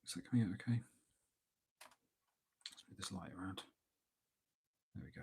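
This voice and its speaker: A man giving relaxed, rambling commentary while painting miniatures live, thinking aloud with lots of fillers. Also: sits low, moderate pace, gravelly, slightly rough. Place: at a hobby desk at home.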